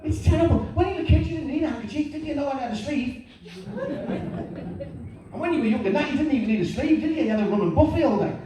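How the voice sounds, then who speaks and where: A man's voice: very high-pitched, quick pace, a faint crowd. Self-mocking man, echoey stand-up recording. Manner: lively, animated and self-mocking. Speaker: stand-up comedian. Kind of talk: stand-up comedy storytelling. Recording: echoey room, distant mic, faint noise.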